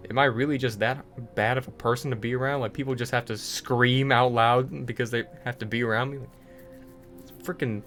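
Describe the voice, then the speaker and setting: Young guy, mid-pitched, rambling gaming rant, faint music under it. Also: fairly even intonation, a little fast, a bit bright. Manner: ranting, frequent fillers and restarts. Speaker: gaming video creator. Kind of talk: casual rant over gameplay.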